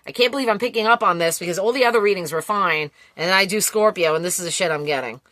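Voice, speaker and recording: A woman giving a casual collective tarot reading, blunt and quick to swear, laughing often. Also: fairly low pitch, a bit bright, dry recording. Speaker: tarot reader.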